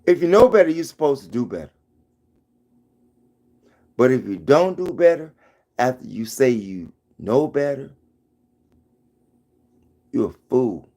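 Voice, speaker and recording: A man's voice: medium pitch, big pitch swings, moderate pace, pauses often, warm tone. A middle-aged man giving an emphatic, preachy commentary vlog into his phone, hammering his points home by repeating them. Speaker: vlogger.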